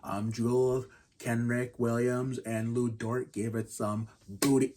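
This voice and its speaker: A man in his thirties hosting a casual basketball review vlog, rambling and restarting often and keeping his voice quiet. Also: medium pitch, flat delivery, slow. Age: 30s. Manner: speaks quietly to keep the noise down. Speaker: channel host reviewing basketball games.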